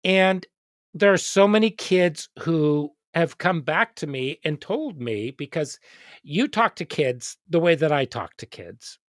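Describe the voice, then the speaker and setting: An educator hosts a casual interview, their pitch moving a lot as they tell stories and quote others. The sound is dry and close. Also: measured pace, no echo. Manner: expressive storyteller, quoting others. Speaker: host, educator.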